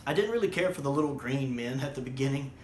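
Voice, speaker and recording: A man's voice: mid-range voice, animated, quick pace, slight background noise. Rambling man reviewing, roomy sound. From United States. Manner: rambling, with many ums and repeated words. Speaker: video reviewer. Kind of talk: casual spoken review.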